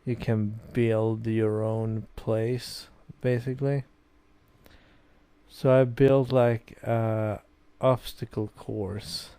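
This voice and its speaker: A young Swedish man, a gaming video host tipsy from beer, rambles casually with lots of fillers while playing a visual novel and reading it aloud for let's play commentary. His fairly low voice is flat, extremely slow, mellow, clear and resonant. The recording has no room sound.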